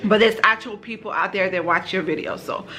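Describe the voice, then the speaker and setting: A woman's voice: medium pitch, a little fast, soft background music, poor audio. Chatty woman vlogging at home. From Georgia, US. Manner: chatty, warm asides to viewers. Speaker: lifestyle vlogger and mother. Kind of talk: casual vlog chat. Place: home kitchen, indoors. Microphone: handheld camera.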